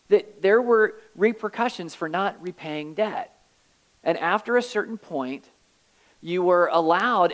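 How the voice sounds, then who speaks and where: Over a rough recording, a man with a fairly high pitch delivers a sermon as pastor, reading passages of scripture and explaining them casually, dropping in wry comments.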